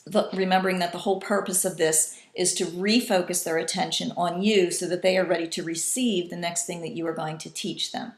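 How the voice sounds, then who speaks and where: A woman's voice: fairly low pitch, steady tone, a little fast, few pauses. Woman teacher in an echoey room. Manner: patient, demonstrating call-and-response in varied voices. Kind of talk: instructional talk to teachers.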